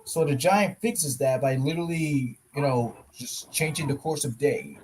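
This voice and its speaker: A man on a casual chat stream, retelling a cartoon episode in an animated, rambling way. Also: medium pitch, moderate pace, slight background noise, low-quality recording. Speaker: co-host.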